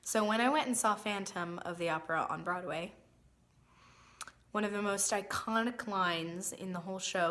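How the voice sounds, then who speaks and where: A woman's voice: medium pitch, moderate pace, sharp tone. A woman giving a casual, emphatic acting lesson, recorded on a phone. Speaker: acting teacher. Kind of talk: casual spoken lesson to camera. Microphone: phone camera.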